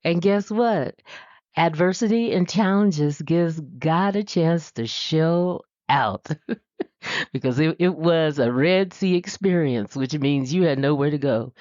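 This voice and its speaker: A middle-aged woman from the US West Coast preaching a conversational sermon, animated and laughing often, jumping into high voices when she quotes people. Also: dry recording. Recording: dull, dry lo-fi recording.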